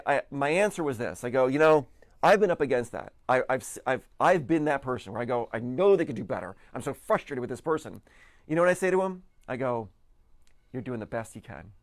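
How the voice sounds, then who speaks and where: A man gives an earnest motivational talk in a medium voice, neither high nor low. He often trips over his words and repeats them as he drives his point home. The sound is dry and close, with little room echo. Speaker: speaker giving a motivational talk.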